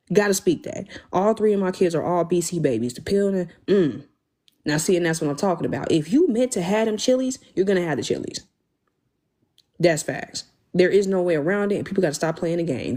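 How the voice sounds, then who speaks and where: A young woman hosting a casual livestream, talking in an animated, emphatic, slangy way and thanking viewers as she goes. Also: lowish voice. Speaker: livestream host.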